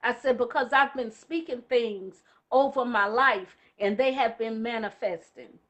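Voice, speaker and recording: A woman telling a lively personal story in casual conversation, getting emotional as she goes. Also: a little high, a little slow, dull audio. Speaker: guest.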